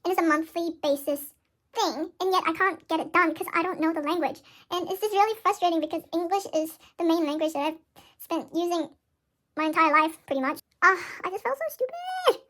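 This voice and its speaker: A woman's voice: very high-pitched, fairly even intonation, fairly quick, fairly bright tone. A young woman talking casually to camera from her bed, rambling and self-deprecating, often laughing at herself. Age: young adult. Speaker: vlogger. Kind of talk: casual vlog chat. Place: in bed at home.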